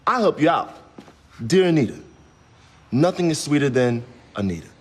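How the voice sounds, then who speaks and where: A man's voice: a little high, sing-song, moderate pace, slightly rough. An actor playing a cocky young male street racer in a video game, teasing and slangy.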